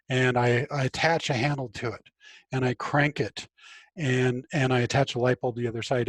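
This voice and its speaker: A middle-aged man teaching a high school physics class online from home, relaxed and chatty with frequent fillers. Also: no echo. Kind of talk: casual online class lecture.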